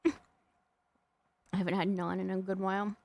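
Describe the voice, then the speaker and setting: A woman's voice: mid-range voice, little pitch movement, slow pace, vocal fry, a little mellow. A woman streamer chatting casually and rambling, laughing often and snacking as she talks. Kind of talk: casual live-stream chat.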